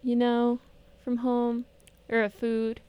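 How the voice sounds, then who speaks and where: A woman's voice: on the high side, monotone, slow, warm tone, clean tone, dry recording. A young woman with an American accent hosting a casual radio interview, bubbly and chatty, with many "like"s. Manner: bubbly, chatty, says "like" often. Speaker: radio host.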